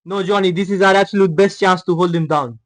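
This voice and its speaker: A man's voice: high-pitched, fairly even intonation, fast, no echo, natural voice. A man voicing a brash adult Italian rider with a put-on Italian accent, speaking emphatically. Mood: urgent.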